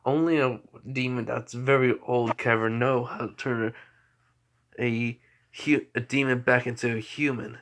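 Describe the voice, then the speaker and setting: A man's voice: mid-range voice, steady tone, moderate pace, fairly bright tone, lightly acted. Cruel, sneering demons who mock their foe in slightly raised voices, read by a man. They sound scornful and dismissive. This is a homemade fan story.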